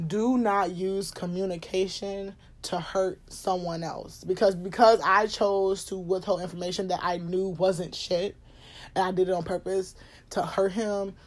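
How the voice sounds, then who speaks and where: A young woman telling a personal story in a candid, profane, laughing way, getting loud when she acts out scenes. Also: medium pitch, steady tone, a little slow. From Cincinnati, USA. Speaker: podcast host. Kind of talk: casual storytelling monologue.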